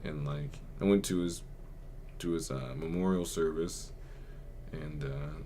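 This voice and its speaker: A young podcast host with a rumbling low, warm voice takes his time recounting something from his own life, slight background noise behind him. He drifts along in a quiet, rambling manner, using lots of filler words.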